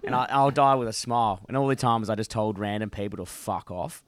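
Brash, excitable man, dry close sound. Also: lowish voice, brisk, no room sound. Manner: brash, excitable, heavy swearing. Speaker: podcast co-host. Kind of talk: casual chat.

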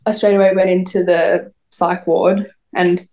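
A woman's voice: fairly low pitch, flat delivery, measured pace, darkish tone. A young woman telling an interviewer her own story, rambling and full of "like". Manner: rambling, lots of "like", quoting others. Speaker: podcast guest. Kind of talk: recounting a personal story in an interview.

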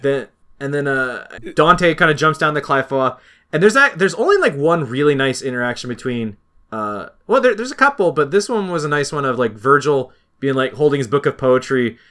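A man in casual chat about a video game, excited and rambling, acting out quotes in passing. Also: mid-range voice, a little fast.

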